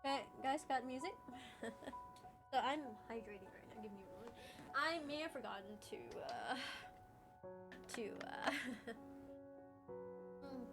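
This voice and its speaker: A high, swooping woman's voice talks casually to her stream while crying, breaking into laughter through the tears. She apologizes often and stumbles over restarts. Soft background music plays faintly behind her. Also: expressive, unhurried, long pauses. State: tearful, crying while talking. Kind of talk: casual live-stream chat to viewers.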